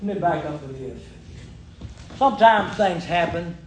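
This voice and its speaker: A man's voice: fairly high pitch, expressive, measured pace. An older man, telling ministry stories in a folksy, chuckling, repetitive way. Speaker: ministry worker. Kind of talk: folksy testimony storytelling. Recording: echoey room with background noise.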